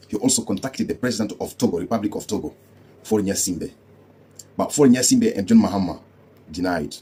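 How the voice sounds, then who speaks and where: A man's voice: deep voice, a little mellow, breathy edge. A man from Africa giving heated political commentary, scornful and repeating rhetorical questions.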